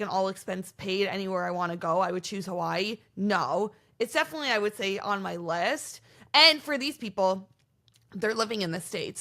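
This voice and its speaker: A woman hosts a casual podcast recap of a reality show and chats freely, wandering off into asides. Her voice sits a little high and sounds crisp and bright. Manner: chatty and rambling, full of asides. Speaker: podcast host.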